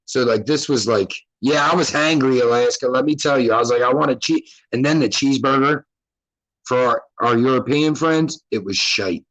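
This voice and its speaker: A man's voice: medium pitch, moderate pace, fairly bright tone, rough recording. A man, host of his own show, telling a long personal story to viewers in a loose, rambling way, swearing and breaking off mid-sentence. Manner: loose, rambling, profane and self-interrupting. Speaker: podcast host.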